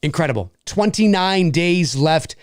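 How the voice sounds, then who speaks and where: A man's voice: on the high side, expressive, measured pace. A middle-aged Canadian man with a Canadian accent, hosting a casual livestream, reading chat comments and repeating himself enthusiastically.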